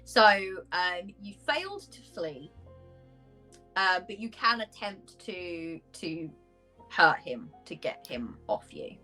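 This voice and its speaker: Slow halting woman game master. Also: lowish voice, big pitch swings, bright, forceful tone, low-quality recording. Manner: slow, halting, many fillers. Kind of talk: narrating a tabletop game. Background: faint background music.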